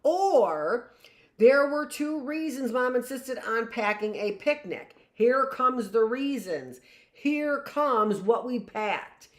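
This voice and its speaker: Slow, emphatic woman teacher, echoey room. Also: fairly high pitch, lively intonation. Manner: slow, emphatic, repeats key phrases with questions like "right?". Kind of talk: live reading lesson for young children.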